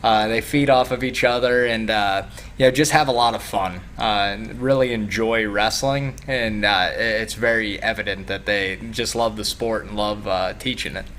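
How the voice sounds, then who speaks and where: A man's voice: lowish voice, fairly even intonation, moderate pace, a bit bright, a little hiss or hum. A man who coaches youth wrestling, talking casually as a guest on a morning TV show, laid-back and full of fillers. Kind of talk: casual TV interview.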